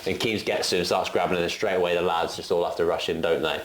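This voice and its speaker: A middle-aged man, a former footballer, telling an animated anecdote on a casual podcast, full of "like" fillers. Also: low-pitched, fast talker.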